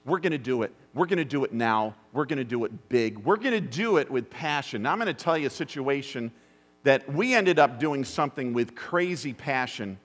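A middle-aged man preaching a sermon, telling a story that drops to hushed asides and rises to urgent bursts. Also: mid-range voice, lively intonation, normal speed. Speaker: pastor. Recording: long hall reverb.

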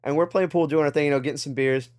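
A young adult man casually telling a rambling travel story on a podcast, breaking into loud laughs. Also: on the high side, steady tone, racing. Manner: rambling, laughs loudly at punchlines. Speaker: podcast co-host.

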